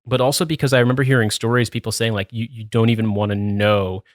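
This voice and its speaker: A man's voice: fairly low pitch, little pitch movement, fast, no echo, clean studio sound. A man hosting a podcast chat, reading a news article aloud with sardonic asides and swearing. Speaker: podcast host.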